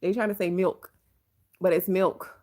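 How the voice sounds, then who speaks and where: Southern-accented woman vlogger, lowish voice, animated, casual live chat. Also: unhurried. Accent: Southern American (Georgia). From Georgia, USA. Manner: animated, expressive voice. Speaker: vlogger, host.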